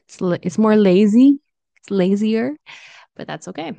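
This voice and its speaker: Slow, gravelly-voiced woman teaching English. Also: mid-range voice, animated, dark tone, no echo. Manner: slow, demonstrative, repeats example phrases. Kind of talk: online English lesson.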